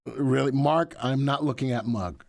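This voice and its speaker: A man's voice: medium pitch, normal speed, vocal fry, darkish tone. A man hosting a live stock market stream, talking casually and repeating himself as he reads the chat aloud. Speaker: livestream host.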